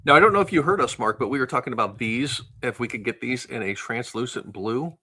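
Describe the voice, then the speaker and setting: A man's voice: medium pitch, fast, pushed and bright, husky. A man co-hosting a casual live stream, chatting and adding side remarks and ideas. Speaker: co-host.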